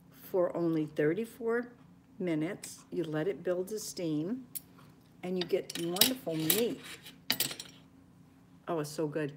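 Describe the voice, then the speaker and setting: A homestead cooking vlogger, an older woman, chats homily on a live stream while preparing food in her home kitchen. Her voice is on the low side and a little mellow, occasionally dropping almost to a whisper. Slight background noise accompanies her.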